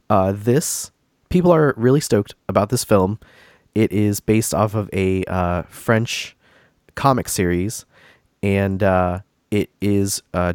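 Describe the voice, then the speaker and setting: Stuffy and congested from a cold, a man hosting a casual gaming podcast rambles with many fillers and restarts. His lowish voice comes through clean studio sound with no room sound.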